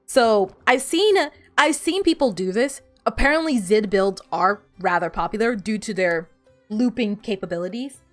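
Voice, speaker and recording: Chatting casually as she plays a game, a woman streamer rambles and laughs frequently. Her voice is medium-pitched and animated at normal speed, over soft background music.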